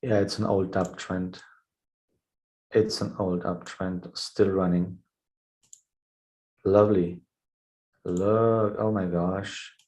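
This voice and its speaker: A man's voice: sits low, level tone, takes it slowly, long pauses, darkish tone, low-quality recording. A man hosting a live trading webinar, thinking aloud over charts with frequent "yeah" fillers. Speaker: trading show host.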